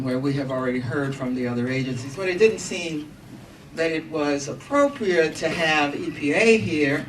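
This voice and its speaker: A woman hosting a community meeting as a congresswoman, giving formal opening remarks into a handheld microphone, halting and pausing with fillers. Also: sits low. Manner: formal, halting delivery with frequent pauses and fillers. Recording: distant mic, noisy meeting room.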